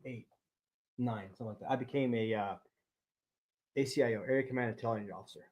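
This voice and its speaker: A man's voice: medium pitch, steady tone, fast, dull audio. A man, a former police intelligence officer, explaining in casual chat and tagging points with "right?". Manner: explains steadily, tags lines with "right?".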